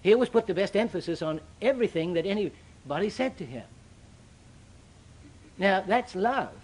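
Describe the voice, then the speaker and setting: An older man preaching a sermon, with dramatic, sweeping shifts in pitch and loudness. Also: lively intonation, normal speed, slightly rough.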